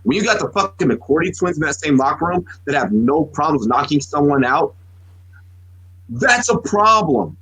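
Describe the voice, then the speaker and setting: A man in his thirties co-hosting a sports podcast, speaking in a husky, slightly raised voice. He tells long, profane stories and keeps backing up to restart his sentences. The mic is close and the sound is dry. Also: on the high side, lively intonation, moderate pace, sharp tone, no room sound, rough recording. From United States. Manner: profane, rambling storyteller with many restarts. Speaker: podcast co-host. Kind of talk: casual sports talk.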